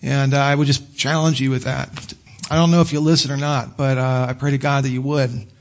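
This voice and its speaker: A male pastor preaching a sermon in a conversational, animated way. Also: mid-range voice, a little fast. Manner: conversational and animated, acting out quotes with laughs.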